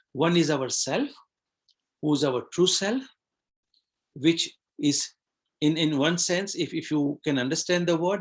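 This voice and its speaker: A man hosting a live online webinar as a coach. He talks reflectively, asks the audience questions and often repeats words. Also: sits high.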